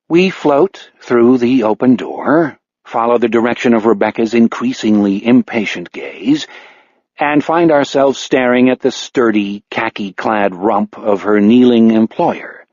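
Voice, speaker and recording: A man narrating an audiobook in a wry, measured storytelling manner. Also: mid-range voice, a little mellow, no echo. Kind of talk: scripted narration. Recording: dry, slightly dull audiobook recording.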